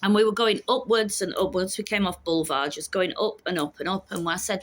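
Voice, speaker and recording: A woman's voice: mid-range voice, fairly even intonation, fairly quick, few pauses. A woman in her fifties chatting frankly and casually to camera about her week, with the odd swear word. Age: 50s. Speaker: vlogger. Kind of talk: casual chat.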